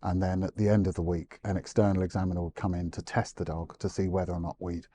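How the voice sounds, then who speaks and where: A man's voice: low voice, quick pace, a little hiss or hum. A man, a guest animal behaviourist, explaining in an interview and acting out quoted owners and dogs. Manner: animated storyteller, acts out quotes.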